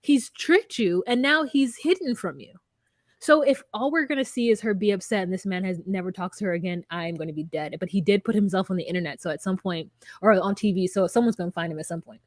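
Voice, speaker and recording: A woman's voice: on the low side, fast talker, few pauses, dry recording. A woman co-hosting a podcast, chatting casually and animatedly, joking and acting out quotes. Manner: animated, jokey, acts out quotes in funny voices. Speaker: podcast co-host. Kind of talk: casual recap chat.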